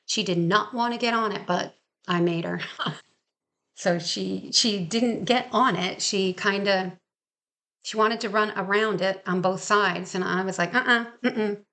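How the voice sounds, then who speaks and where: A woman's voice: medium pitch, fairly even intonation, unhurried, bright, forceful tone. A woman dog trainer telling a story in a casual, chatty way, laughing now and then. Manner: chatty, laughs often, acts out quotes. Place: Maine.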